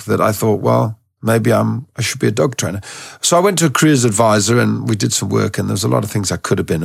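A man who trains dogs, telling stories in a relaxed, rambling way as a guest in an interview, with a gravelly, husky voice. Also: mid-range voice, no echo, studio quality. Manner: relaxed, rambling, with many restarts. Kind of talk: casual storytelling in a podcast interview.

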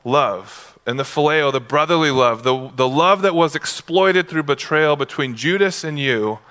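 Bright-voiced, conversational man preaching. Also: on the high side, smooth. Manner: casual, conversational preaching with playful asides. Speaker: pastor. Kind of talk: sermon. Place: church.

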